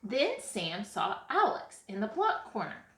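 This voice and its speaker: A woman reading a children's picture book aloud in an expressive way as storyteller. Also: medium pitch. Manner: expressive, slow read-aloud. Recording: echoey room.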